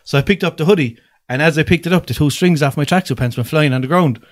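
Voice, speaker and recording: A young Irish man rattles through a story at a quick clip, his voice sitting a little high for a man. He is animated and curses freely in casual podcast chat. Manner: animated, swears freely, acts out quotes. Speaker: podcast guest.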